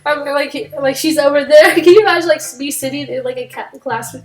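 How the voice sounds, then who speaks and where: A woman's voice: high-pitched, brisk, recorded from a distance. A woman chatting casually while playing a game, rambling and giggling with lots of fillers. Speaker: game player. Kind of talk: casual let's-play commentary.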